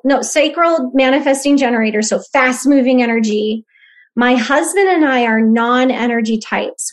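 Casting: woman in her thirties, slightly high voice, earnest podcast guest explaining her practice. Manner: earnest, warm reflective explaining. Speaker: human design guide, podcast guest. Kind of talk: podcast conversation.

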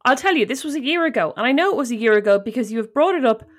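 A woman's voice: fairly high pitch, very fast. A woman in her thirties with an Irish accent, co-hosting a podcast in casual chat and telling stories with mock indignation. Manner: animated, mock-indignant storytelling. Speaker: podcast co-host.

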